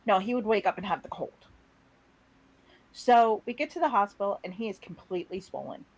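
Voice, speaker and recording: A woman co-hosting a casual talk show, telling a story with lively acted-out quotes. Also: medium pitch, a little fast, low-quality recording. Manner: animated storyteller, acts out quotes. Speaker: co-host. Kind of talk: casual chat.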